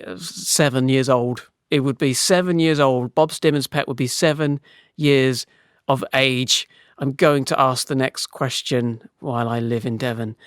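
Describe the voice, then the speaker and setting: A man's voice: mid-range voice, dry recording, clean studio sound. A man hosting a comedic solo podcast, rambling and swearing as he chuckles through silly answers. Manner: rambling, profane, laughing at his own jokes. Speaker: podcast host.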